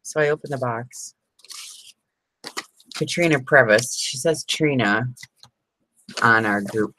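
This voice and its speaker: A woman's voice: a bass voice, takes it slowly, a bit bright, slight background noise, poor audio. A middle-aged woman chatting casually on a crafting live stream, rambling and laughing often. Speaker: crafting vlogger.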